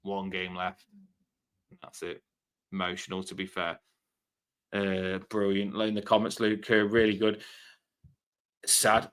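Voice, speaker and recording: A man's voice: mid-range voice, moderate pace. A man hosting a casual post-match fan stream, chatty and swearing freely. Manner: chatty, swears freely, loud bursts when wrapping up. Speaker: fan channel host.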